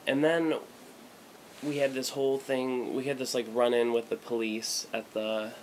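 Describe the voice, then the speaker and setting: A man's voice: medium pitch, flat delivery, measured pace, rough recording. Young American man, casual rambling travel vlog, blunt, irreverent, handheld camera, faint noise. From United States. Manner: rambling, irreverent, many fillers. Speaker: vlogger. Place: small hotel room.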